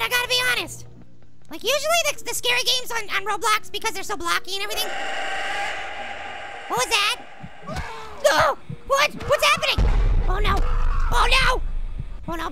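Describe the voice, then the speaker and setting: Little Apple, a squeaky cartoon fruit. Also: gravelly, full character voice. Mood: chatty. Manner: excitable, loud panicked shrieks and repeated words. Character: tiny male apple, cheerful and jumpy. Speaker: gameplay commentator. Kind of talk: horror game let's play commentary. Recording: game music under the voice.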